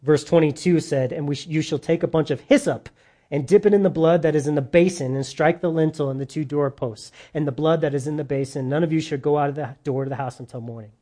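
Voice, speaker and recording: A man preaching a sermon to his church, animated and rising loud on his points. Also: on the high side, fast. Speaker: pastor.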